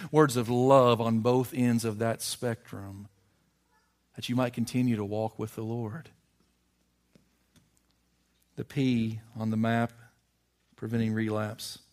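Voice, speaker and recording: A man preaching a sermon to a congregation in a church, earnest, building to emphatic peaks and dropping low again. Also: a little mellow. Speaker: pastor. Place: church sanctuary.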